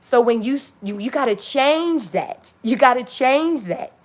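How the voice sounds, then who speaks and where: Forty-something woman ranting casually on a livestream, kinda high voice, swears a ton, laughs all the time. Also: expressive, a little slow. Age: 40s. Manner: blunt, profane, laughing often. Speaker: livestream host.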